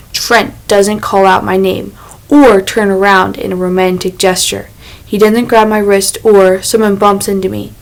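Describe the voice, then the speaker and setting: A woman narrating a first-person young adult novel in a measured, unhurried reading voice. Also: mid-range voice, low-quality recording. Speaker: audiobook narrator.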